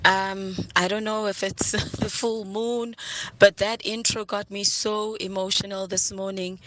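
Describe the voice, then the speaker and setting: A woman's voice: mid-range voice, level tone, unhurried, bright, forceful tone, a little hiss or hum. A woman in her thirties leaving an emotional voice note for a radio show, with laughing asides. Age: 30s. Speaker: listener sending a voice note.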